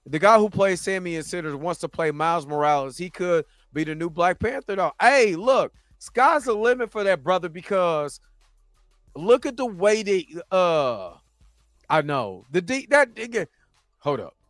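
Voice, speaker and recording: A laid-back man hosts a livestream and chats casually with his viewers, his voice sitting fairly high. He is recorded on a dry, close mic with faint music playing underneath. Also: lively intonation, normal speed, fairly bright tone, no room sound. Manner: laid-back, chatty, often laughing and trying voices. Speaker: livestream host reading chat.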